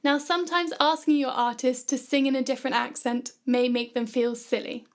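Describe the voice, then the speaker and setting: A woman narrating a scripted music production tutorial in a calm, clear, instructive way. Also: sits high, fairly quick.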